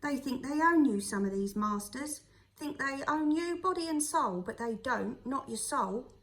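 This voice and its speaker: A rough but kindly boatman with a strange accent muses out loud to a small boy, as a woman reading the story puts him on. He speaks warmly and slowly, working his thoughts out as he goes, in a fairly high voice. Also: animated. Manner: friendly, slow, musing.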